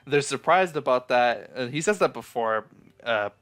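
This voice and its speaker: A young man casually recapping an anime episode, rambling along with plenty of "uh" and "like" and the odd curse. His voice is smooth and clean, sitting at an ordinary pitch for a man. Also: expressive, normal speed, a bit bright. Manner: rambling, frequent fillers and profanity. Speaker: anime reviewer.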